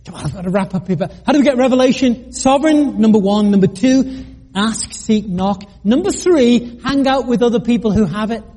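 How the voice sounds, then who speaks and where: A man's voice: very high-pitched, brisk, hardly any pauses, dark tone. A middle-aged man from the United Kingdom, preaching a sermon earnestly, with joking asides and stammered restarts. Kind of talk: sermon with personal story.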